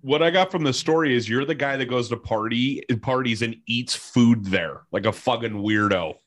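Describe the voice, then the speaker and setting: A man's voice: mid-range voice, normal speed. Man, blunt, teasing, swears a lot, casual chat.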